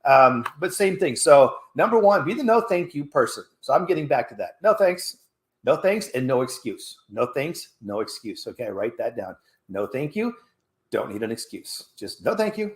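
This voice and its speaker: Animated fitness coach in an echoey room. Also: male voice, moderate pace. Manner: animated, coaching, acts out little exchanges in a higher voice. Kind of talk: motivational casual talk.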